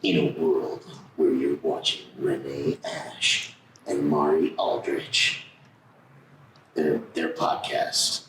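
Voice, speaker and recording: A man putting on a deep, slow, dramatic movie trailer narrator voice. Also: level tone, reverberant, background noise. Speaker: guest, prankster and voice actor.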